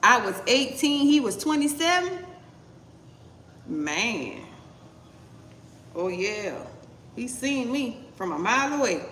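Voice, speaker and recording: Slow and sing-song, with frequent pauses, this woman's slightly high, fairly bright voice leads a casual live tarot reading. She's blunt and profane, ending points with "okay?". Slight background noise, roomy echo and distance from the mic mark the recording.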